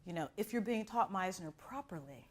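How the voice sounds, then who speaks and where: Animated woman acting teacher telling stories. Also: mid-range voice, brisk, heavy background noise. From Miami. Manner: expressive storyteller who acts out quotes. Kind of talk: animated class talk with acted-out anecdotes.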